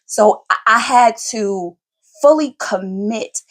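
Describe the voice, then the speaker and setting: A woman in her forties hosting a podcast, telling family stories in an animated, emphatic, colloquial way. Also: on the high side, slow. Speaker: podcast host, mother. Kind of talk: casual conversational storytelling.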